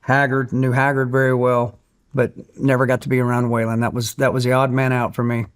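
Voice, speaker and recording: Man, middle-aged, earnest storyteller, mid pitch, interview guest. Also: monotone, brisk, clear, resonant tone. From Tennessee, USA. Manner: earnest storyteller, acts out quotes. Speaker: guest, country singer.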